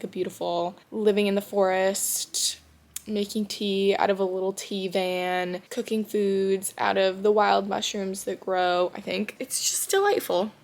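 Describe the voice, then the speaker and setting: A young woman talking casually at home about books she has been reading, chatty and expressive, with lots of fillers and sudden excited bursts. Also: medium pitch, creaky. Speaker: book vlogger. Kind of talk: casual reading vlog chat. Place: home, indoors.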